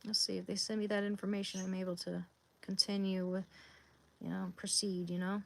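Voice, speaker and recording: A woman's voice: medium pitch, little pitch movement, brisk, creaky. A woman in her thirties chatting casually on a live stream from home, reading and answering viewer comments as she talks. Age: 30s. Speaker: livestreamer. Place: home, near a bed. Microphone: phone or device camera.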